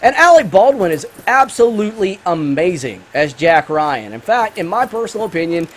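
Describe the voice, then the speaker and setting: A man hosting a gaming channel, talking casually over his gameplay in a high, bright voice. He rambles with enthusiasm and fills the gaps with plenty of ums and you-knows. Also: big pitch swings, normal speed. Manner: rambling and enthusiastic, full of fillers. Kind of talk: casual let's-play commentary with movie review.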